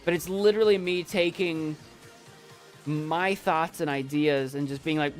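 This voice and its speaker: A man chatting casually with viewers in a calm, soft voice, halting with many restarts as he chokes up. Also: a little high, soft background music. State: choking up. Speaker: YouTube creator and poet. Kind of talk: casual live chat with viewers.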